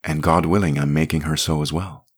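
A man voicing a composed, dryly witty woman in his own low voice. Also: steady tone, brisk, husky. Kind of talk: audiobook character reading.

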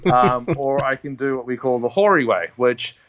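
A man with a New Zealand accent, hosting a podcast in casual chat, quick and joking with dry humor. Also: medium pitch, fairly bright tone. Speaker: podcast host. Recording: slightly dull lo-fi sound.

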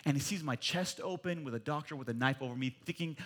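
A man in his forties preaching a sermon in church, animated and jokey, rising to loud emphatic peaks. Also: on the high side, fast talker. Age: 40s. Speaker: pastor.

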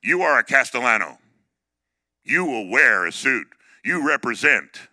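A man's voice: mid-range voice, very animated, a little slow, pushed and bright, dry recording, clean studio sound, voice pushed up, full character voice. A man voicing a strict, angry father who gives firm orders. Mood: stern.

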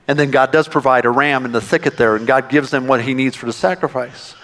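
A man preaching a sermon to his church, conversational and animated, often restarting his sentences. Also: medium pitch, fairly quick. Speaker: pastor.

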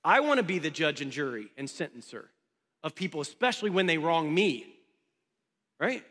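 A pastor giving a conversational sermon, often asking the congregation questions. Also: male voice, high voice, fairly bright tone. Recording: long hall reverb.

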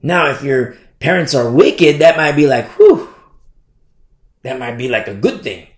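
A man's voice: expressive, moderate pace, reverberant. A man preaching a sermon to young listeners, impassioned and repetitive. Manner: repetitive, impassioned, sweeping pitch swings.

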